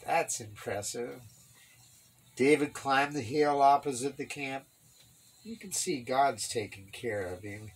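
Man, kids' Bible class teacher, reads the story aloud and voices the characters, somewhat high voice. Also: fairly bright tone, low-quality recording. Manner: voices the characters with rising pitch, adds wry comments. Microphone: online stream mic.

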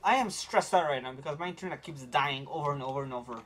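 A woman streaming a game, chatting casually with viewers in an animated way, quick to get frustrated. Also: a little hiss or hum. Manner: voice jumps high when excited.

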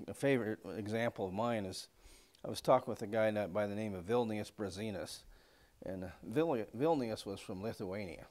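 A man's voice: on the low side, normal speed, a little mellow. Folksy, rambling man teaching Bible class. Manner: folksy and rambling, many fillers and asides. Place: church classroom.

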